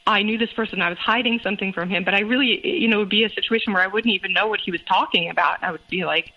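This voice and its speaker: A young adult woman, appearing as a guest, gives a casual personal account of her own experience. Her medium-pitched, breathy voice moves fast with few pauses, full of fillers, restarts and hesitation, and the audio sounds dull.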